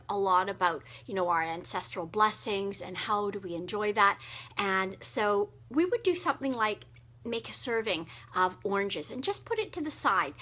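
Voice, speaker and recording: A middle-aged woman hosting a casual live wellness video, talking gently with many fillers. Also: medium pitch. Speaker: wellness host.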